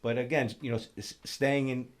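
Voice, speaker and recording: A man's voice: mid-range voice, fairly even intonation, brisk. A man co-hosting a podcast, asking and reflecting in a thoughtful, hesitant way. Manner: thoughtful, hesitant, lots of fillers and restarts. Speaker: podcast co-host. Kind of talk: casual podcast conversation.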